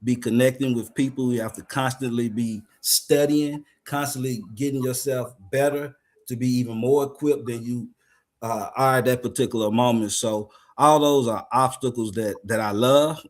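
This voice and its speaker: A man speaking as a guest on an educators' panel, talking in a measured, reflective way with frequent pauses and fillers. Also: mid-range voice, fairly even intonation. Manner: measured, grateful, many "uh" pauses.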